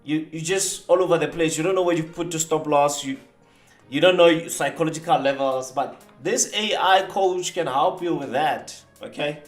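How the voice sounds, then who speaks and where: A man talks casually on a live trading stream, boastful and teasing his rivals. His voice sits fairly high for a man. The room is echoey, with faint music underneath. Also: moderate pace. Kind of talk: live-stream talk demonstrating software.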